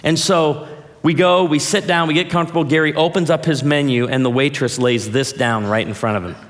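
A pastor in his forties preaches from a stage, his voice a touch high and ringing through a large hall with a long reverb. He teases the crowd and asks for shows of hands, then softens into heartfelt family stories. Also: fairly even intonation, a little fast. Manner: playful, addresses the audience directly, jokes then turns heartfelt. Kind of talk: humorous sermon storytelling. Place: large hall or church auditorium, before an audience.

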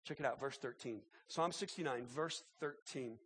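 A man preaching a sermon as pastor, impassioned and halting, often repeating words as he builds. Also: mid-range voice, fairly bright tone, slightly rough.

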